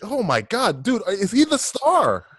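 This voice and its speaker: Lively sarcastic man riffing on a movie. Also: sits high, unhurried, slightly rough, no echo, studio quality. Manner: profane, sarcastic, laughs often. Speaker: podcast co-host. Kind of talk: casual movie commentary chat.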